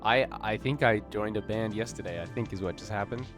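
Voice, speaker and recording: A man's voice: lowish voice, a little fast. A man streaming live, chatting casually with his viewers in a laid-back, slangy way. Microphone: desk mic. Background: faint background music.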